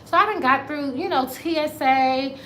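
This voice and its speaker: An American woman vlogging, telling a story to her viewers in a casual, animated way and calling them y'all. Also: high-pitched, normal speed, a little hiss or hum. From United States. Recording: roomy echo, faint ambience.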